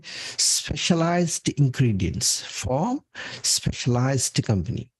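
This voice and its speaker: A man's voice: mid-range voice, vocal fry, mellow, breathy edge, dry recording. A man presenting a health talk from slides, emphatic and punctuating his points with "okay". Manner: emphatic, repeats "okay" often. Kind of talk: talking through slides.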